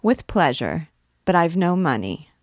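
A woman reading aloud, voicing a boisterous, blustering young male army captain who swears loudly. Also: lowish voice, big pitch swings, measured pace, no room sound, clean studio sound.

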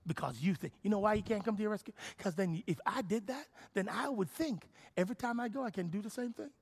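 A man preaching a sermon as pastor, animated and full of repeated phrases. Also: high-pitched, fast talker, husky.

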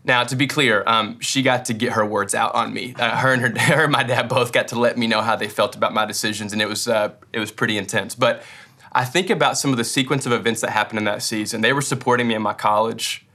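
Bright-voiced young man preaching casually. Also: mid-range voice, fairly even intonation, fast. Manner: conversational, self-deprecating storytelling with laughs. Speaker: pastor. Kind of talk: sermon.

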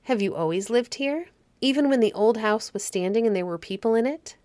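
A woman's voice: fairly high pitch, lively intonation, brisk, a little mellow, no echo, natural voice. A woman reading the part of a thoughtful young boy in a fairy story, hesitant and puzzled.

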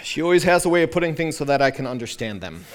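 A man in his thirties, a pastor, telling a personal story in a sermon with animated, self-deprecating humor and many restarts. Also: on the high side, quick pace, slight background noise.

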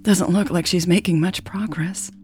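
A woman voicing an eager, shy young woman in love, who gets squeaky when flustered. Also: steady tone, moderate pace, a little mellow, soft background music, natural voice.

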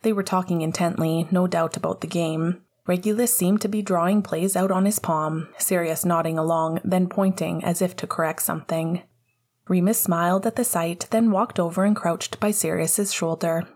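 Woman narrator, husky voice, lowish pitch, calm even storytelling. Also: normal speed. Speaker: audiobook narrator. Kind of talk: reading fan fiction aloud.

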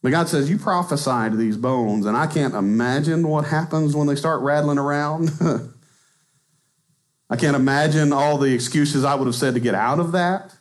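A man's voice: a little high, moderate pace. A man in his thirties with a Texan accent, preaching a conversational sermon in a church and laughing at himself now and then. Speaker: pastor. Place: church sanctuary.

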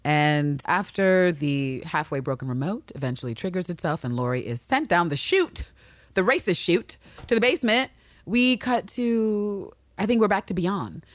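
Podcast co-host, woman, low and dry, lively and swearing in bursts. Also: normal speed, no room sound. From New York City. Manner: animated, swears, bursts of excitement. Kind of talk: casual TV recap chat.

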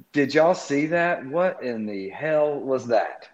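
Male panelist, slow, rambling, dull lo-fi audio. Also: medium pitch, animated, a little mellow. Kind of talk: casual sports podcast chat.

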